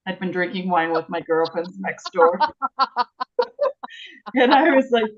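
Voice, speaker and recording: A woman on a video call, chatting casually and telling animated stories, acting out what people said. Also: on the low side, unhurried, long pauses. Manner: chatty, animated storytelling, acts out quotes. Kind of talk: casual chat. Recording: muffled video-call audio.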